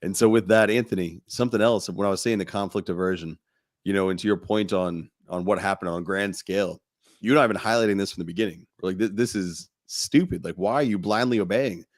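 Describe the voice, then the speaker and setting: A man co-hosts a podcast about fatherhood, talking quickly in a low, steady voice. He chats casually and bluntly, swearing and laughing often.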